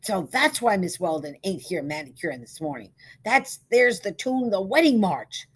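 A woman reading the part of a hearty, loud small-town barber who talks in a bluff, folksy way. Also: medium pitch, very animated, moderate pace, husky, pitched above the performer's own voice.

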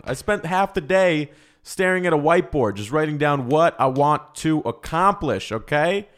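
A young man hosting a comedy podcast, talking in a loud, crude, joking way. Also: on the high side. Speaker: podcast host. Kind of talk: casual comedy podcast chat.

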